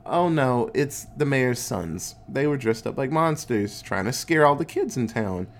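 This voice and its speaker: A man's voice: mid-range voice, expressive, unhurried. A man casually recapping a movie, laid-back and swearing a lot, acting out the characters' lines in goofy voices. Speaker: podcast host recapping a movie.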